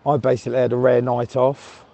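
A man's voice: mid-range voice, level tone, brisk, gravelly, warm tone. A man recording a chatty, sweary voice note outdoors while walking his dog. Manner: chatty, laughing at his own story, sweary. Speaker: listener sending a voice note. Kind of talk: casual voice note.

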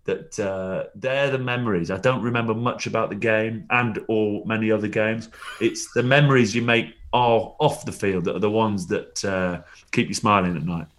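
A man's voice: lowish voice, fairly even intonation, moderate pace, few pauses, a bit bright. A man, a former rugby player, telling rambling anecdotes with chuckles and frequent restarts in a casual interview.

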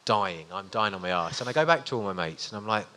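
A man's voice: lowish voice, expressive, fast, sharp tone. A man in his forties telling self-mocking, swearing anecdotes as a guest on a live stage show. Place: live stage in front of an audience.

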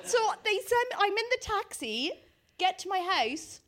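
A woman's voice: extremely high pitch, very animated, moderate pace, fairly bright tone. A woman in her thirties telling a comic story as a guest, self-mocking and laughing as she goes. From Ireland. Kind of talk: comic anecdote on a live podcast.

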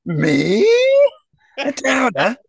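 A man's voice: a little high, lively intonation, normal speed, gravelly, sharp tone, voice pushed up, full character voice. A man voicing a grumpy, self-important male sad clown who whines indignantly.

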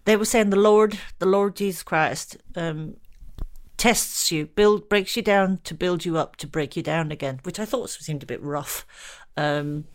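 A woman's voice: on the low side, unhurried. Chatty self-mocking woman. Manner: self-deprecating, chatty, laughs often. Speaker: podcast co-host. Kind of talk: casual chat.

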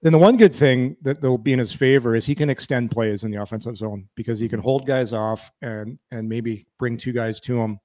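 A man's voice: medium pitch, a little fast, hardly any pauses, mellow, no echo, studio quality. A man in his fifties co-hosting a casual sports chat, rambling and restarting his sentences often. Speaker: podcast co-host.

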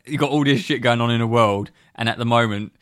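A man's voice: medium pitch, fast talker, a bit bright. A man from England co-hosting a casual podcast, telling rambling stories full of fillers and laughing at himself. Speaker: podcast co-host. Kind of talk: casual chat.

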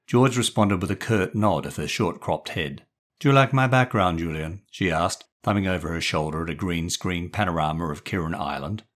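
A man's voice: sits low, normal speed, few pauses. A man, the author, reading a short story aloud and talking about writing it. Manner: lively, expressive. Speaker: author and narrator.

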